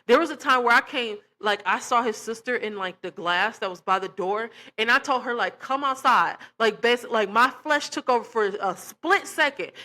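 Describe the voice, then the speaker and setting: Animated woman telling her story, bright voice. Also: on the high side. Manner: animated, emphatic, addresses viewers as y'all. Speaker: vlogger sharing her testimony. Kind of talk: casual storytelling to camera.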